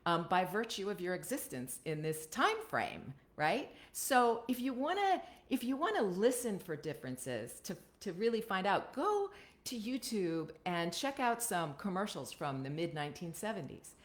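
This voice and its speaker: A woman's voice: mid-range voice, very animated, normal speed. A woman with an American accent giving a casual voiceover coaching talk over a live video stream, often checking in with "right?". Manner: chatty, ends points with "right?". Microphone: computer webcam stream.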